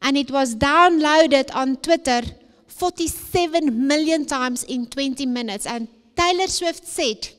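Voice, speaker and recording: A woman speaks slowly and deliberately, her high voice carrying an emphatic, preacher-like rhythm. She repeats phrases for weight as she addresses young people, and her words ring out with a long reverb across a large conference hall. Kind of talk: motivational talk to young people.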